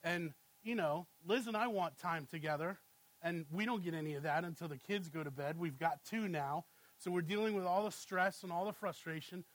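A man in his thirties preaches in a relaxed, conversational way, asking "right?" again and again. His voice sits high for a man. The sound is dry and close. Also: normal speed, no echo, rough recording. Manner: conversational, asks "right?" often, animated when storytelling. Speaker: pastor. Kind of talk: sermon with family anecdotes.

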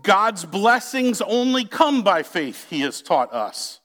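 A man's voice: high-pitched, sing-song, fairly bright tone. A man pastor preaching a sermon, drawing out key words and speaking directly to the congregation. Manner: slow, emphatic preaching with drawn-out key words.

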